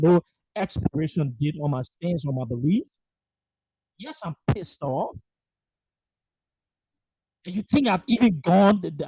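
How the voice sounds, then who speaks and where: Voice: mid-range voice, warm tone, no echo, rough recording. A political livestream host delivering an angry monologue, emphatic and profane, hammering the same rhetorical questions again and again. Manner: fierce, emphatic, repeats rhetorical questions, swears. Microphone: livestream microphone.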